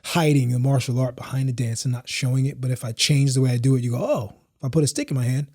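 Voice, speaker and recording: A man's voice: mid-range voice, quick pace, mellow, no room sound, studio quality. A man, a house dancer guesting on a podcast, telling his story in a laid-back, slangy, rambling way and acting out what his friends said.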